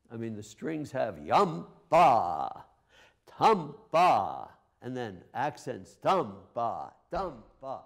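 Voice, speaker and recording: Gravelly low-voiced man coaching musicians. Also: mellow. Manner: sings musical phrases with nonsense syllables; halting, with frequent filler sounds. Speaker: master class teacher. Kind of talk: coaching a chamber ensemble. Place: live master class in a studio.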